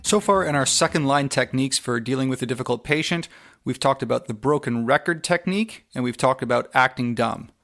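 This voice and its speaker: Gravelly-voiced male podcast host. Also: mid-range voice, a bit bright, soft background music. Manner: measured, poses questions and sums up. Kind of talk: podcast interview.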